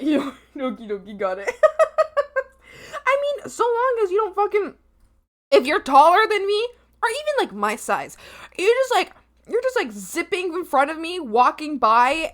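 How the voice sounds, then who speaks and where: A woman's voice: high voice, animated, moderate pace, a bit bright. A young woman streamer chatting casually, giggling often and swearing freely while she eats. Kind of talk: casual livestream chat.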